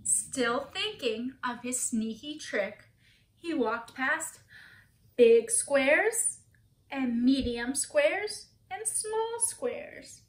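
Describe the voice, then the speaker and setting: A woman's voice: high-pitched, animated, drawn-out words, reverberant, slight background noise. A woman teacher reading a picture book aloud to children, asking them questions and gasping for effect.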